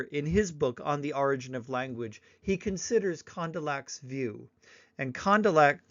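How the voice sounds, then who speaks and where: A man giving a recorded slideshow lecture, unhurried and explanatory, sometimes acting out examples in little voices. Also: on the high side, dry recording, lo-fi sound.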